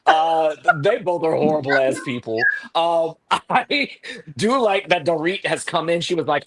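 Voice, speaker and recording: A man's voice: fairly high pitch, measured pace. A man on a video-call review panel, blunt and sarcastic, laughing between remarks. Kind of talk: casual review chat.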